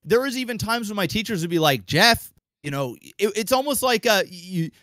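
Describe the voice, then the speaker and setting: Fast-swearing young man telling a story. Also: high-pitched, dry recording. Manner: animated, acts out quoted voices, swears freely. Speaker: podcast co-host. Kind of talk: casual storytelling.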